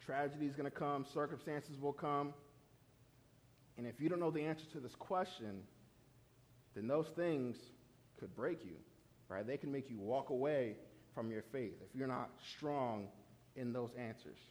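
A young adult man giving a lively, conversational sermon as a youth pastor, often checking in with "right?". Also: mid-range voice, normal speed, pauses often.

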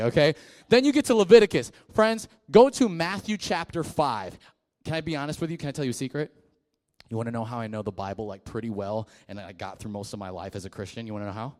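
Young male pastor, energetic sermon, jokey, jumps from shouts to whispers, mid-pitched. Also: fast talker. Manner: animated, jokey, acts out listeners in put-on voices, swings from loud to hushed.

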